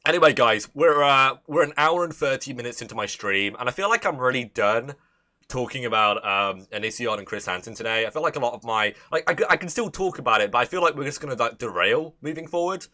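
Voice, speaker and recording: A young man with an English Midlands accent talks loosely to his stream audience, his voice bright and forward. He rambles, swears freely and trips over restarts as he chats. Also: medium pitch, animated, quick pace. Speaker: livestream host. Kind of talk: casual livestream chat.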